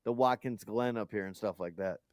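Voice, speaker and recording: A man's voice: on the low side, a little fast, a little mellow, no room sound, clean studio sound. A man co-hosting a casual talk show, speaking bluntly and cursing often. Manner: blunt, profane. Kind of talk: casual chat.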